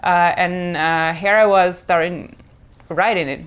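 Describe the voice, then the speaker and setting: A woman's voice: lowish voice, fairly even intonation, measured pace, clean tone. A young woman with a Russian accent whose first language is Russian, chatting casually about her work in a rambling, frank way that keeps correcting itself. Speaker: comic creator. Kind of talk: casual chat.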